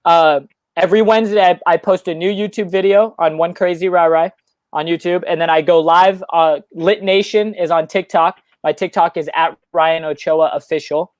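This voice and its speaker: An eager young man with a high voice talks in quick, run-on sentences, chatting as a guest on a live stream. The sound is dry and close, with no room around it. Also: steady tone, dry recording. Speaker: guest musician. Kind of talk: casual chat on a live stream.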